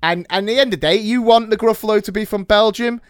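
A man's voice: high voice, fast talker, clean tone, no room sound, clean studio sound. A man in his thirties hosting a podcast in casual chat, upbeat and bantering, making playful sound-effect noises. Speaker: podcast host.

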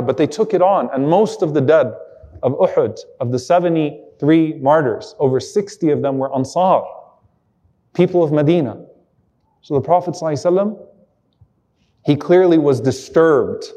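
A man's voice: fairly high pitch, dark tone. Earnest male Islamic lecturer. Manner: earnest, emotional retelling with Arabic quotations. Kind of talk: sermon-style storytelling lecture.

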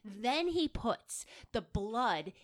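Animated woman podcaster, kinda high voice, acts out the quotes as she tells the story. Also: extremely slow. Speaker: podcast co-host. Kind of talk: casual storytelling chat.

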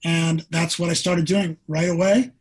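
An older man with a high-pitched, husky voice recounts a personal story as a podcast guest. He is earnest and animated and acts out what people said to him. He speaks as a former pro quarterback. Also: measured pace, low-quality recording.

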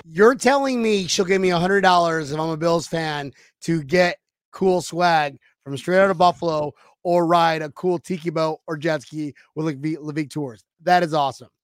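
A man co-hosting a casual sports podcast, loud and joking, swinging between shouting and mumbling. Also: on the high side, normal speed, dry recording. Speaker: podcast co-host.

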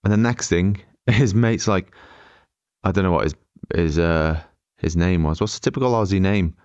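A low-pitched man chats loosely through a funny anecdote, laughing as he goes. His voice is smooth and clear, recorded dry and close to the mic. He rambles with restarts and easy humor. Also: moderate pace, darkish tone, dry recording, muffled recording. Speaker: podcast co-host. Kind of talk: casual storytelling chat.

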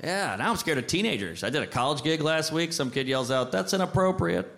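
A man in his thirties doing a stand-up comedy set with a punchy, animated delivery, speaking into a handheld mic on stage. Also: mid-range voice, a little fast. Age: 30s. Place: comedy stage before a live audience.

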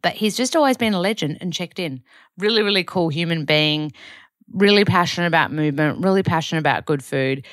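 Chatty Australian woman, low voice. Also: fairly quick, dry recording, studio quality. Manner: chatty, rambling with self-corrections. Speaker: podcast host. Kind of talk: casual weekly diary chat.

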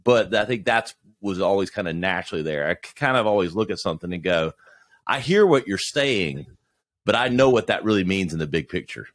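Low-ish guy on a podcast, kinda halting and reflective, dry sound. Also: expressive, dry recording. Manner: reflective, halting with many restarts. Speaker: podcast guest. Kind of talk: casual conversation.

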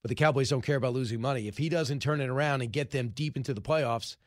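A man's voice: mid-range voice, quick pace, dry recording, studio quality. A man hosting a sports talk show, giving chatty, opinionated commentary. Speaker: radio sports show host.

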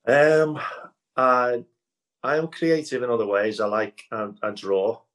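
This improv comedy guest, a Scouse-accented man from Liverpool, England, talks in a casual interview over video call at a medium pitch, a little slowly, with a fairly bright tone. He rambles with frequent fillers and restarts and laughs easily, and the recording quality is low.

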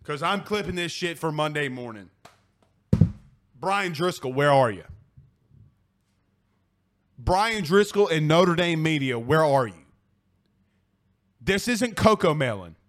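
A man with a high, bright-pitched voice hosts sports talk radio. He rants in a fired-up, profane way and keeps hammering his points home. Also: expressive, slow, long pauses.

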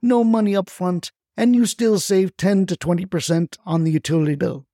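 A man plays a feisty old grandmother, impatient and indignant, her voice jumping high into shrill scolding outbursts. The tone is gravelly and mellow, recorded close and dry for a storybook telling. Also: fairly even intonation, moderate pace, dry recording. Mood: ranting. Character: feisty impatient retired grandmother, older woman.

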